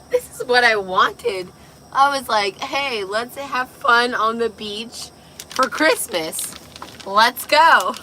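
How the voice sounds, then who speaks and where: A young woman with a raspy voice, tipsy and chatting casually on a livestream, loose, giggly and swearing. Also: mid-range voice, background noise. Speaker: vlogger.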